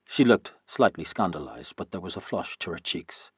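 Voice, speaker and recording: A man narrates a first-person historical novel in a steady, even way. His voice is low and a little husky. The recording is dry and close, with no room sound. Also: moderate pace, no room sound. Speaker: audiobook narrator.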